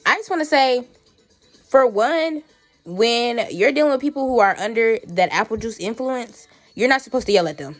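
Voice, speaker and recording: A woman's voice: a little high, expressive, moderate pace. Sassy woman's vlog aside, faint music. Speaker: vlogger.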